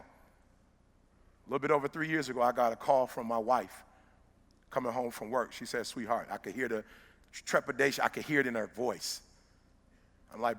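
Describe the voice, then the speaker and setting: A middle-aged man, giving a motivational speech that swings from hushed storytelling to loud exhortation. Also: medium pitch, normal speed, long pauses. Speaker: motivational speaker. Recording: long hall reverb.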